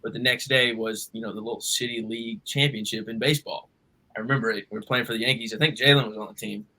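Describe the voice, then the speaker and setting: A man, a podcast host, telling a story in casual chat with animated delivery. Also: lowish voice, fast.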